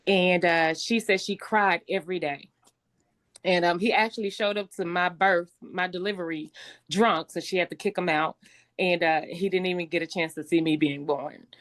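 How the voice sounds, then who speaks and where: A middle-aged woman with a slightly raspy voice, telling her life story as a guest speaker in a conversational way, with many fillers and restarts. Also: fairly low pitch, steady tone, moderate pace, a bit bright. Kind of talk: personal testimony talk.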